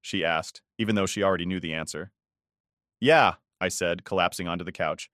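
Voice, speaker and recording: A man in his forties tells a first-person story in a low, weary voice with a resentful edge. The recording is close and dry, with no room sound at all. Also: steady tone, fast, fairly bright tone, dry recording. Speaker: story narrator.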